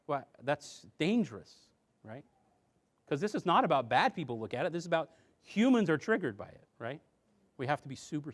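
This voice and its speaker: A man presenting a seminar on parenting and addiction to a live audience, talking conversationally with rhetorical questions and going soft and low on earnest points. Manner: conversational, rhetorical questions, acts out quoted voices.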